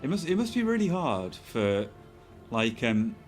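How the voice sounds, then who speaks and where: A British man streaming and chatting casually, soft-spoken and rambling off on tangents. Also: mid-range voice, very animated, a little slow, faint music behind. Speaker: Twitch streamer. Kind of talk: casual chat while streaming.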